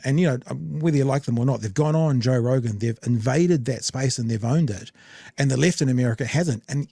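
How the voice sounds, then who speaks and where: A man's voice: medium pitch, a little mellow, no echo, studio quality. Rambling New Zealand male podcast host. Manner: rambling, conversational, many restarts. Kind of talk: casual commentary.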